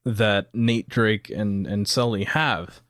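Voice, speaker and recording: A man's voice: on the low side, slow, fairly bright tone, dry recording, clean studio sound. A man co-hosting a podcast, talking casually and analytically about a film and steering the discussion. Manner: analytical, leads the topics. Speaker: podcast co-host.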